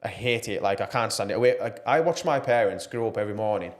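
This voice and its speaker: Appearing as a guest on a casual podcast interview, a man speaks with earnest passion. His voice is fairly low, and his conversational delivery is loose, with frequent pauses on filler words.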